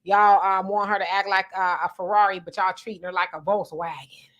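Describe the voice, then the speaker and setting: A woman's voice: mid-range voice, steady tone, brisk, fairly bright tone, highs cut off. A woman hosting a live online discussion, sassy and playful as she reads viewer comments aloud. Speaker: host of a live stream.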